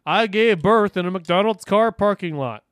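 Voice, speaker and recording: Brief: male podcast co-host, slightly higher voice, crude joking banter, dry close mic. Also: moderate pace, a bit bright, no room sound. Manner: crude, joking, reads news aloud mockingly. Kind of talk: casual comedic chat.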